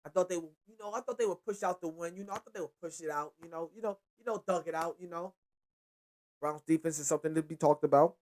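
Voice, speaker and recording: A man's voice: a little high, fast, a little mellow. A young man hosting a casual sports show, ranting in a slangy, profane and repetitive way. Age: young adult. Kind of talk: casual sports commentary rant.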